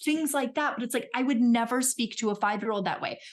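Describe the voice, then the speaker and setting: Woman coach, bit high voice, chatty and lively, acts out little voices. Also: fast talker. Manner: animated, acts out voices in her examples. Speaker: podcast guest, women's coach. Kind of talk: casual chat.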